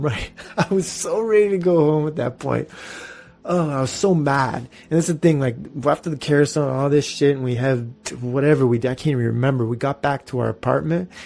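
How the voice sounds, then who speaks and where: A man in his thirties hosting a podcast, telling a story in an animated, profane, casual way. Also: mid-range voice. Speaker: podcast host.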